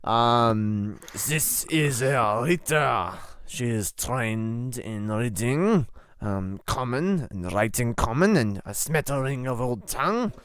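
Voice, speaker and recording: A man voicing a showy, smooth-talking male merchant at an auction. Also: expressive, slow pace, fairly bright tone, no echo. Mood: salesy. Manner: showy salesman pitch.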